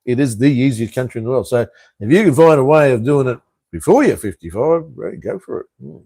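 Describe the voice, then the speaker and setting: This Tasmanian man in his fifties talks briskly and expressively in a mid-range voice that's warm, creaky and a bit breathy, with no echo. Speaking with an Australian accent on a casual live stream, he reads viewer comments and answers bluntly, swearing freely and chuckling in between.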